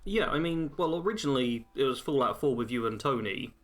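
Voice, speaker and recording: A man's voice: medium pitch, expressive, brisk, a bit bright. A man co-hosting a casual gaming podcast, chatting in a wry, joking manner. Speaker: podcast co-host.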